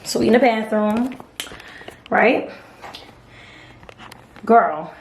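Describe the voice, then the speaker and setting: A young woman with a hoarse voice, chatting casually to her camera at home and calling the viewer "girl" and "y'all". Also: on the high side, slow pace, long pauses, darkish tone, recorded from a distance, a little hiss or hum. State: hoarse from singing. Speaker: vlogger. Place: home apartment, kitchen and bathroom. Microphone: camera on a tripod. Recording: echoey room with music behind.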